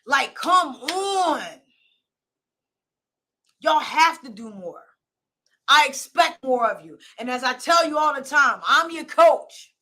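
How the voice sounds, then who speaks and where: A woman's voice: high voice, bright, forceful tone. A woman life coach and show host giving a blunt, emphatic motivational pep talk, repeating her points and demanding more of her listeners. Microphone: phone or camera, streaming live.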